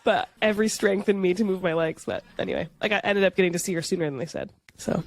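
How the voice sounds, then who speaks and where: Young adult woman, lowish voice, podcast guest telling her story casually, leans on "like", acts out her own quotes. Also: expressive, quick pace, vocal fry.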